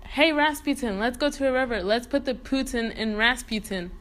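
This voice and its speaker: A woman's voice: a little high, moderate pace, fairly bright tone, close to an everyday voice. A woman voicing Dmitri as a carefree twelve-year-old boy in a goofy, playful comic delivery. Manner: goofy, then dramatic comic panic.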